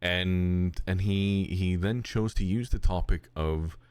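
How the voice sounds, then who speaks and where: A man co-hosting a podcast in casual, rambling chat, animated and given to quick put-on voices when quoting. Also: smooth, no room sound. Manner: rambling and animated, slips into high cute voices for quotes. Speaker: podcast co-host.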